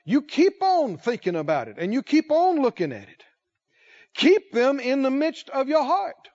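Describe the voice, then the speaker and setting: High-voiced guy preaching real slow, stretching words out, kinda muffled lo-fi recording. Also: huge pitch swings, a little mellow. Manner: slow, emphatic delivery, drawing out key words and asking the congregation questions. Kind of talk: sermon.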